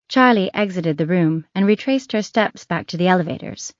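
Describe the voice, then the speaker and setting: Woman, audiobook narration, measured, lower voice, dry, muffled recording. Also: expressive, no room sound.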